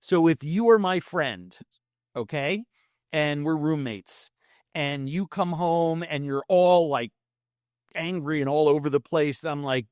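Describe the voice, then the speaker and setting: A man's voice: a little high, slow, darkish tone, no echo, studio quality. An older man in his sixties, a guest in an interview, telling stories animatedly and acting out the quoted dialogue. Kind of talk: conversational interview talk.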